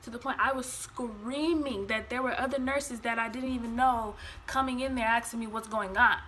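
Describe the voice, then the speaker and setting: A woman's voice: fairly high pitch, steady tone, normal speed, sharp tone, slight background noise. A young woman telling a personal story in a casual vlog, acting out quotes and swearing freely. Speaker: vlogger.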